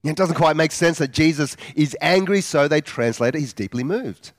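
A man preaching a sermon in an earnest, measured way, asking his listeners questions and slowing down to stress key words. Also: on the high side, lively intonation, no echo, clean studio sound. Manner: slows down for emphasis.

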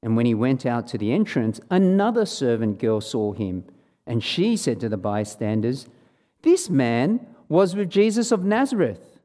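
A man's voice: medium pitch, very animated, unhurried, warm tone. A man preaching a sermon, reading scripture aloud and acting out the quoted lines in a raised voice. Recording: long hall reverb.

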